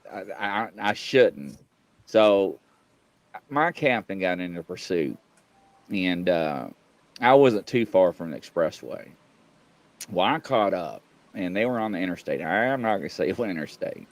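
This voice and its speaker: A man, co-hosting a casual video-call show and telling a lively story while acting out the other people in it. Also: sits low, a little slow, no room sound, poor audio. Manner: animated storyteller, acts out voices of others. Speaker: podcast co-host, former police officer.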